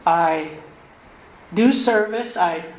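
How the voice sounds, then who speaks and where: A woman, telling her personal recovery story to a meeting in a candid, conversational and animated way. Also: fairly low pitch, extremely slow. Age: 60s. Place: meeting hall. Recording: roomy hall, faint noise.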